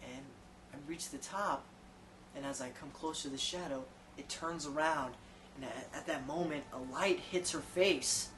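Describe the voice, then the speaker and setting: A man's voice: on the high side, unhurried, over music. A man telling a comic story about himself in a casual, profane, rambling, self-deprecating way.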